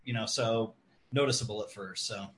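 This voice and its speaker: A man's voice: fairly low pitch, fairly even intonation, moderate pace, fairly bright tone. A man co-hosting a podcast in casual chat, hesitant and full of fillers. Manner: hesitant, lots of fillers and restarts.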